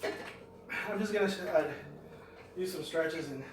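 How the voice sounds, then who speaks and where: A man's voice: sits high, slow pace, noisy background. A middle-aged man vlogging his home workout, rambling and thinking aloud as he goes. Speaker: fitness vlogger. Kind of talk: talking through a home workout. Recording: echoey room, mic at a distance.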